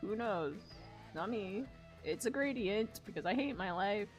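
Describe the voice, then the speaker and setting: A woman's voice: medium pitch, a little slow, soft background music. A woman streaming her drawing, chatting in a rambling, casual way with plenty of swearing. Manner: rambling, profane, animated storytelling. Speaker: streaming artist. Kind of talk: casual chat while drawing.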